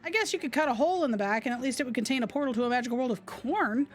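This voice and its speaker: High-voiced excitable woman streamer. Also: racing. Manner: excitable, laughs often, yells in mock outrage. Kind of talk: live game stream, reading dialogue aloud.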